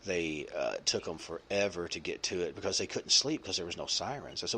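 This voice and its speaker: This podcast host is a man whose low-pitched voice sounds expressive, bright and forceful, moving along fairly quickly. His casual chat wanders, packed with fillers and false starts, over slight background noise.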